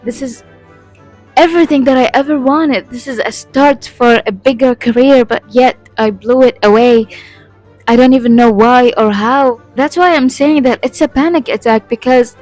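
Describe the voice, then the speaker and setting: A woman's voice: sits high, normal speed, darkish tone, no echo, soft background music, low-quality recording. A young woman telling a storytime vlog, rambling, swearing and laughing at herself. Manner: rambling, profane and self-deprecating, laughing often. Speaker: vlogger.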